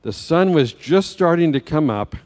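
A man with a slightly high voice tells a story from the pulpit. He builds the scene with vivid detail and questions to his listeners. His words hang in the long reverb of a church hall. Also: animated, moderate pace, darkish tone. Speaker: guest preacher. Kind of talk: children's story sermon. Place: church sanctuary.

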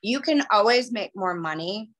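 A woman's voice: mid-range voice, lively intonation, normal speed, a bit bright. A middle-aged woman telling her personal story to a group, chatty and emotional. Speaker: guest speaker.

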